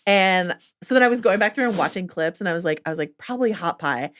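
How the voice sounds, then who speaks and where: A woman co-host chats eagerly about a TV episode, dropping plenty of filler words along the way. Her voice sits somewhat low for a woman. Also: expressive, quick pace, fairly bright tone. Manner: chatty, enthusiastic, many "like" fillers. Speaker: podcast co-host. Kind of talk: casual recap chat.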